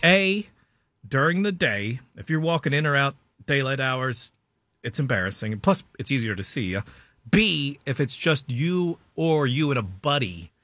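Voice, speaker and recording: A man's voice: medium pitch, animated, unhurried, fairly bright tone, no room sound. Laid-back co-host man, dry studio sound. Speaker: radio show co-host. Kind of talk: reading a comic list on air.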